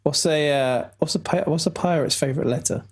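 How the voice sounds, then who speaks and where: A man's voice: a little high, brisk. A man co-hosting a podcast, joking and playful in casual chat. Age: 30s. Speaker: podcast co-host.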